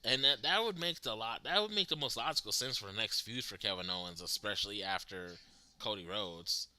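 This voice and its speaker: Speaking a little fast in a lowish voice, this livestream host reacts to wrestling, addressing his chat viewers in an animated, casual way and laughing frequently.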